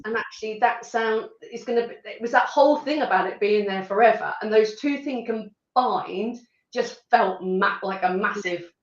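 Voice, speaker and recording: A woman's voice: medium pitch, normal speed, echoey room, highs cut off. A woman with a rural Suffolk accent, chatting as an interview guest, laughing often and restarting her sentences. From rural Suffolk, England. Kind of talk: casual interview chat.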